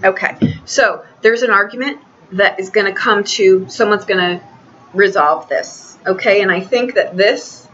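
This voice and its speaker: A woman reads tarot cards in a loose, chatty way, often stopping and restarting her sentences. Her voice is bright and forward. The recording sounds a little dull, with faint noise behind her. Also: medium pitch. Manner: chatty, halting, many restarts. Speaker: tarot reader. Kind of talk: casual tarot reading.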